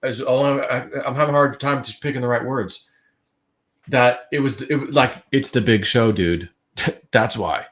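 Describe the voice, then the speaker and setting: A man's voice: medium pitch, normal speed, fairly bright tone. A man on a livestream telling a long dream story in a casual, rambling way, full of fillers and restarts. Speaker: guest.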